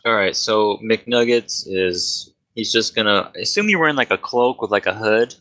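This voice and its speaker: A man's voice: on the low side, expressive, moderate pace, bright, forceful tone. A man running a tabletop game as game master, laid-back and casual.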